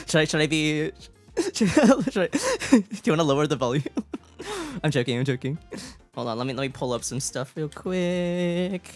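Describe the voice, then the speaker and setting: A woman streamer chatting casually on a live stream into a desk mic, giggly, excitable and playful. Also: lowish voice, normal speed, soft background music. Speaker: VTuber streamer.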